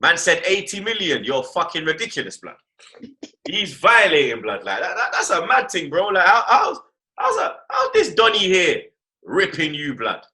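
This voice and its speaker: A man's voice: high voice, moderate pace. A man hosting a casual football chat, full of slang and repeated tag phrases. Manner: animated slangy talk, repeats "blood" and "you get me". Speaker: host.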